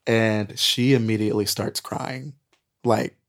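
A man guest on a podcast, telling a wild story in an animated, profane way and laughing at it. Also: lowish voice, unhurried. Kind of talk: casual storytelling.

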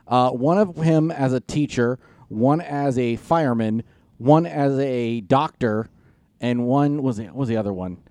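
A man co-hosting a comedy podcast, telling animated stories and teasing his co-host. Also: mid-range voice, unhurried, no room sound. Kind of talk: casual comedy chat.

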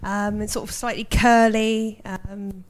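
A woman's voice: mid-range voice, level tone, slow, a little hiss or hum. Hesitant young woman introducing herself. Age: young adult. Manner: hesitant, many ums. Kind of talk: self-introduction on a live podcast.

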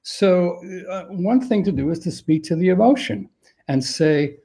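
A man's voice: high-pitched, lively intonation, measured pace, vocal fry, mellow. A middle-aged man answering interview questions as an expert, thoughtful and often restarting his sentences. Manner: thoughtful, with frequent restarts and stammered repeats. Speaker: dementia expert guest.

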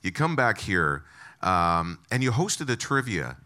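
A man's voice: lowish voice, very animated, unhurried, bright, forceful tone. A man hosting an interview, asking prompting questions in a casual way and often repeating words as he starts sentences. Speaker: interview host.

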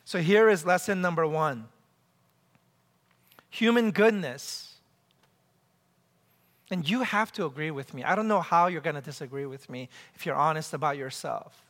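A man preaching a sermon to his church, animated, acting out scenes and leading the congregation in call-and-response. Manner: animated, acts out scenes and quotes with big pitch jumps. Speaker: pastor. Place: church sanctuary. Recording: long hall reverb.

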